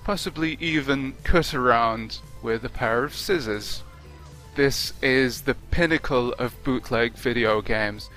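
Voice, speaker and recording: A man talking through a video game review off the cuff, his voice bright and forward. His tone is wry and conversational, with a mid-range pitch. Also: measured pace, faint music behind. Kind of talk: unscripted video review narration.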